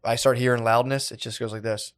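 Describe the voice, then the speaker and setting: A man's voice: medium pitch, level tone, quick pace, a bit bright, clear, resonant tone. A man with a mid-range voice, easygoing and agreeable in casual comedy podcast banter. He swears freely while chatting in a studio. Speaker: podcast co-host.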